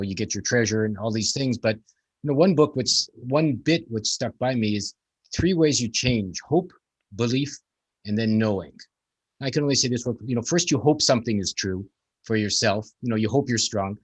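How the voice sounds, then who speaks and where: A man's voice: on the low side, breathy edge, no echo. A man hosting a casual conversation, talking in a rambling, reflective way full of "you know". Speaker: podcast host.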